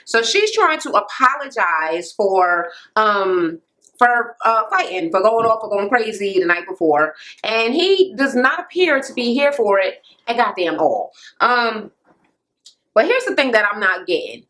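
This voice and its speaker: A woman's voice: a little high, very animated, a little slow, bright, forceful tone, rough recording. A woman casually recapping a reality TV episode from home, blunt and profane, acting out the people she quotes. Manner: blunt, profane, retells scenes with quoted voices. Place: home near a police station, helicopter audible. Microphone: camera mic.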